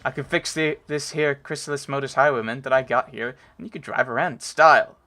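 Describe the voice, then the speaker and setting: A man's voice: medium pitch, very fast, fairly bright tone, close to an everyday voice. A man voicing a folksy, boastful old male mechanic from a game, with a homespun drawl and background music.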